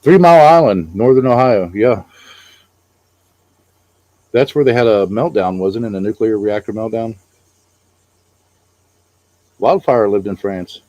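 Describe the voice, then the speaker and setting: A man's voice: on the low side, mellow, no room sound. A middle-aged man co-hosting a casual chat, rambling about travel with many fillers. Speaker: co-host.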